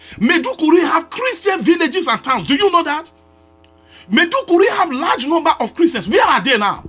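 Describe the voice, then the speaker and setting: A man who is a Nigerian pastor, giving a fiery, accusatory live address with a Nigerian English accent. He repeats his demands and often breaks into shouting. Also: very high-pitched.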